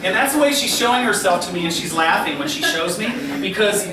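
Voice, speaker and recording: A man's voice: sits high, lively intonation, a little fast. A man working as a psychic medium, giving a live demonstration to a seated audience in a restaurant and constantly checking in with the listener, laughing lightly as he goes. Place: restaurant dining room before a seated audience. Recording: roomy, distant camera audio with background noise.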